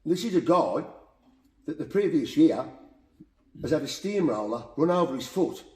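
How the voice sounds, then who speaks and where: A boxing coach with a Black Country accent, telling heartfelt stories in an animated, repetitive way as a podcast guest. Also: male voice, fairly high pitch, moderate pace. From Black Country, England. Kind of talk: emotional storytelling in conversation. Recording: roomy echo.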